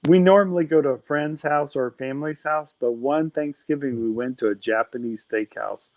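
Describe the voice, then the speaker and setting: A man co-hosts a casual livestream chat, trading playful, teasing banter in a folksy drawl. His voice is on the high side and a little mellow, at normal speed. The audio is poor, with no room sound.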